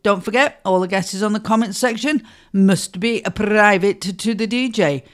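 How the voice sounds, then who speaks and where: A man's voice: sits high, normal speed. A man with a Northern English accent, presenting a radio show in a cheerful, chatty way, with asides to listeners. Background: faint music.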